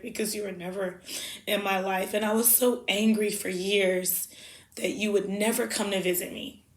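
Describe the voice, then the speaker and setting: Woman with a gravelly, emotional voice. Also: medium pitch. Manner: halting and emotional, with soft pauses and fillers. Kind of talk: heartfelt spoken farewell letters. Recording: roomy echo.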